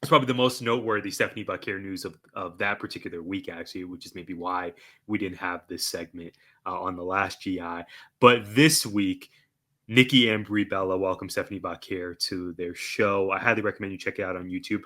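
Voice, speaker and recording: Guy hosting a wrestling podcast, kinda low but bright voice, hypes up his segment. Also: a little fast. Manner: energetic, hype announcer delivery. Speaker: podcast co-host. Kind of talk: casual chat and segment hosting.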